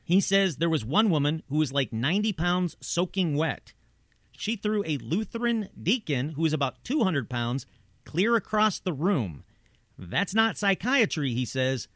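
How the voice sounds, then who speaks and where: A man's voice: fairly high pitch, a bit bright, no echo, studio quality. A man narrating paranormal stories in a conversational way, with asides and rhetorical questions. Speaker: host. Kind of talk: true-crime style narration.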